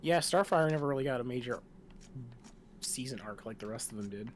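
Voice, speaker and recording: A man chatting casually on his game stream, his voice sitting at an ordinary middle pitch. He rambles from one tangent to the next and swears without a second thought. A faint hiss of noise sits under his voice. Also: animated, fairly quick.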